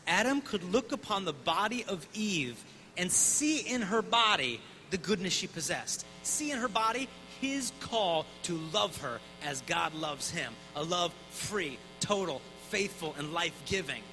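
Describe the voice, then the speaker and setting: A man in his thirties giving an energetic, conversational talk at a conference, acting out voices in his stories. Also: sits high, a little slow, over music, low-quality recording. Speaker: Catholic speaker. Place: conference hall.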